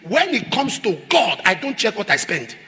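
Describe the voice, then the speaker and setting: A man preaching a sermon as a pastor, emphatic, repeating phrases and rising to shouts. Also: high-pitched, huge pitch swings, moderate pace, breathy edge, in a large hall. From Nigeria.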